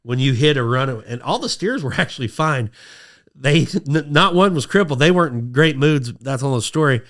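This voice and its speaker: A man telling a long story on a podcast in a casual, lively way, acting out quotes in a high excited voice. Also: a little fast. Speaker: podcast guest.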